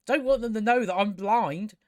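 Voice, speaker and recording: A man with a notably high voice tears into a TV episode, sarcastic and exasperated, swearing as he goes. The sound is close and dry, with no room around it. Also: moderate pace, no room sound. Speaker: TV show reviewer. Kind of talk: casual ranting review.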